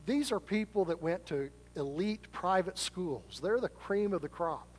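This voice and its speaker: A pastor from Arkansas, preaching a sermon in a conversational, self-deprecating storytelling way. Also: male voice, high voice, animated, measured pace, darkish tone. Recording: long reverb of a large hall.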